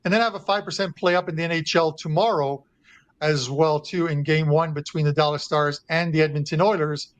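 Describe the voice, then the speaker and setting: A man's voice: a little high, steady tone, a little fast, dry recording. A man appearing as a guest handicapper, talking through his soccer and hockey betting plays in a chatty way. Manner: chatty, with frequent uh fillers and restarts. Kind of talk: sports betting analysis.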